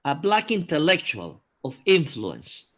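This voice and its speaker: A man from Peru talking through current events in a casual conversation, thoughtful and hesitant, with many pauses and fillers. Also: fairly high pitch, wildly swooping pitch, pushed and bright. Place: live video call.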